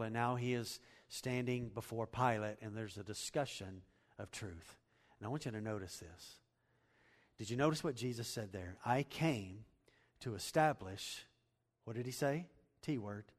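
A man preaching a sermon, climbing to loud emphatic peaks and dropping low, asking listeners to fill in words. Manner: asks the congregation to fill in words. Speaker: pastor.

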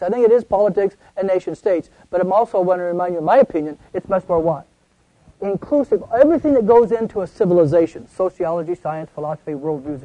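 An older man teaches a Bible class in a folksy, conversational way, asking the group questions and answering them himself. He reads scripture aloud slowly and with emphasis in a high, mellow voice, with no echo and the highs cut off.

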